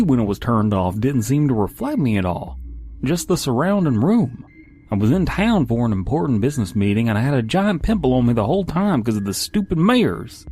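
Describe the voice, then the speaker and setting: A man reading a comic hotel review in a wry, deadpan way. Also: medium pitch.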